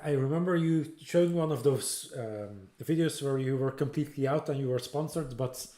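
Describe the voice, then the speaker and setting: A man hosting an interview over a video call, speaking haltingly with many fillers and restarts. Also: mid-range voice, dark tone. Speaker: host, interviewer. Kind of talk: casual interview chat. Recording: echoey room.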